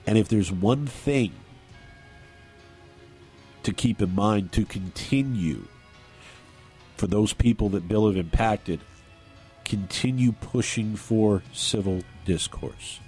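A man hosting a talk radio show, speaking earnestly and haltingly, often restarting his sentences. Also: on the low side, a little mellow, breathy edge, soft background music. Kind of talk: talk radio, on-air remarks. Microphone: studio microphone.

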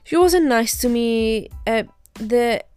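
A woman's voice: on the high side, animated, slow pace, darkish tone, clear, resonant tone, faint music behind. A young woman hosting her own podcast, candidly retelling a bad experience in a casual, indignant way with some swearing. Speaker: podcast host. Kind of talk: casual storytelling monologue.

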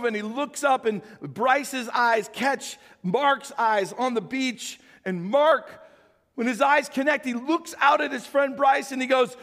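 A man preaching a sermon as pastor, telling a story and building to loud, emphatic peaks. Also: sits high, lively intonation, a little slow, big-room sound.

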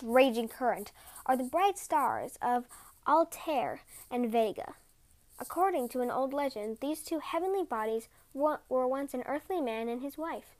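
A woman podcast host reading folk tales aloud in a gentle, measured way. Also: high-pitched. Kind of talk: storybook reading.

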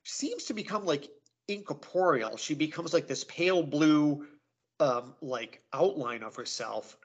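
Male guest, casual chat, reflective and searching for words, a bit higher-pitched. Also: a little slow, breathy edge. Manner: thoughtful, many "like" and "um" fillers. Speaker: podcast guest. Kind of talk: casual podcast discussion.

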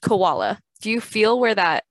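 Woman, casual podcast chat, playful, teasing, mid pitch, dry close sound. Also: animated, fairly quick, fairly bright tone, dry recording. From lived in France. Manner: playful, teasing, demonstrates French pronunciation. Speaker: podcast guest.

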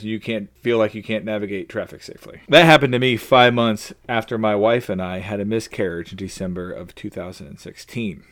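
A man hosting a faith-based podcast, talking in an earnest, personal and openly emotional way. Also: mid-range voice. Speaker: podcast host.

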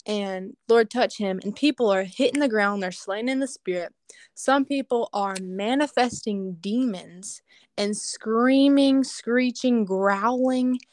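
A woman earnestly telling a personal testimony in casual conversation, animated and full of casual fillers. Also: fairly high pitch, slow. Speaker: guest sharing a testimony.

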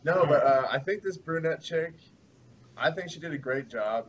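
A man co-hosting a casual podcast, easygoing and trailing off quietly. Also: fairly high pitch, lively intonation, normal speed. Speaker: podcast co-host. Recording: dull lo-fi recording with faint hiss.

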